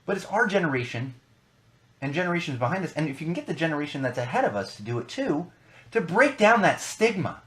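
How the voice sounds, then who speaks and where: A young man holds forth on his podcast in a loose, conversational way. His pitch swings widely as he hammers his points home, repeating phrases for emphasis. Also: fast. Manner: animated, emphatic, repeats for stress. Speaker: podcast host. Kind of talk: casual podcast rant.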